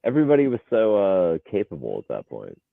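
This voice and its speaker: A man co-hosting a casual podcast remotely, dry and stubborn in a deadpan way. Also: on the low side, fast, creaky, dry recording. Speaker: podcast co-host. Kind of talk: casual chat. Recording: tinny phone-like call line.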